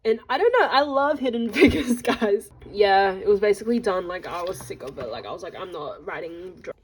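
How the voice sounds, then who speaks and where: A woman's voice: mid-range voice, animated, brisk, rough recording. A young woman from Australia narrating a casual travel vlog, chatty and jokey, talking straight to her viewers. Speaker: vlogger.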